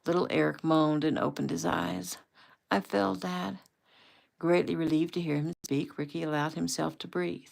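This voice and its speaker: Low, gravelly woman reading her novel. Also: normal speed, few pauses. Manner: relaxed, conversational. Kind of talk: casual audiobook reading. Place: home.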